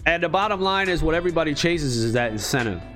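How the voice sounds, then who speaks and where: Profane, rambling man with a higher voice. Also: lively intonation, fast, sharp tone, faint music behind. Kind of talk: casual rant.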